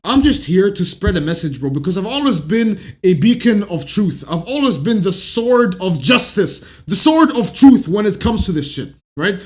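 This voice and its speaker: A Canadian man who hosts a self-improvement channel gives a blunt, profane, opinionated monologue in a voice that sits high. When he gets heated, he rises to shouting.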